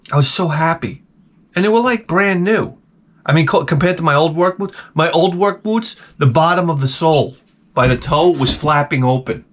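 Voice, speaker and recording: A man's voice: a little high, slight background noise. A man in his forties giving a comedic monologue as a YouTuber, ranting with exaggerated outbursts. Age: 40s.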